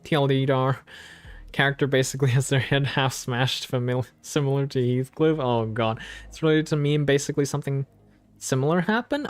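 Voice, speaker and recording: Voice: mid-range voice, a little fast. A streamer chatting casually while playing a story game, thinking aloud and laughing between lines. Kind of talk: casual let's-play commentary. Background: faint game music.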